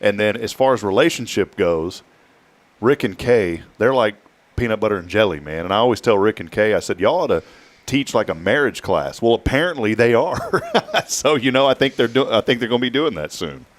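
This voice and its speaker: Casting: low-voiced man, morning show host, rambling banter with a drawl. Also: animated, fairly quick. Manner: joking, rambling, drawls out key words. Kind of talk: casual radio talk show chat.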